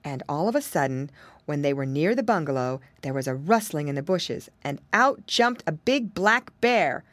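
Brief: woman narrator for a children's audiobook, lively sing-song delivery, dry close sound. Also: low voice, moderate pace, no room sound. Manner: expressive, sing-song storytelling. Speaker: audiobook reader.

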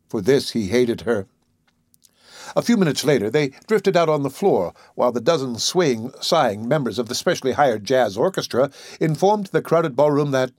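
A man reads a story aloud in an expressive, scripted style. His voice sits mid-range but moves freely up and down. The recording is close and dry. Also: mid-range voice, moderate pace, no room sound. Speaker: narrator. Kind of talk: scripted narration.

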